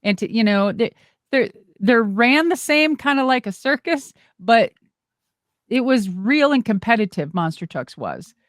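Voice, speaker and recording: A middle-aged woman, a former wrestler and monster truck driver, telling stories in an animated, exclamatory way as an interview guest. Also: a little high, a little slow, no room sound, studio quality. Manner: animated, exclamatory, acts out quoted dialogue. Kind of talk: casual storytelling interview.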